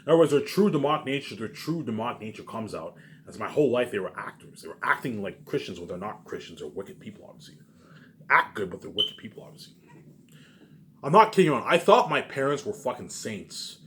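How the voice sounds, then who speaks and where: A man's voice: medium pitch, very animated, brisk, a bit bright, a little hiss or hum. A man rambling through a casual monologue for his viewers, repeating himself often and swearing freely. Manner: rambling and repetitive, with frequent swearing. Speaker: vlogger.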